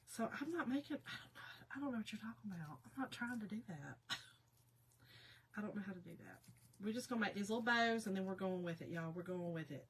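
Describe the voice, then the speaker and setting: A woman's voice: medium pitch, lively intonation, quick pace, hardly any pauses, slight background noise. A woman chatting casually with her viewers while she crafts on a livestream, laughing often.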